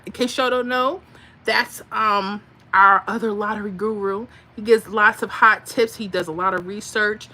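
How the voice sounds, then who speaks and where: A middle-aged woman hosts a casual live stream, chatting and telling stories in an animated way with frequent laughter. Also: mid-range voice, slow, long pauses. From Florida. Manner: animated, chatty, laughs often, acts out voices. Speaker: livestream host.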